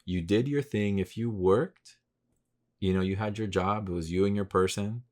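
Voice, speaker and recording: Deep-voiced profane podcast man. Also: moderate pace. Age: 30s. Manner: profane, rambling, gets loud and animated when ranting. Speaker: podcast host. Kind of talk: casual solo podcast monologue.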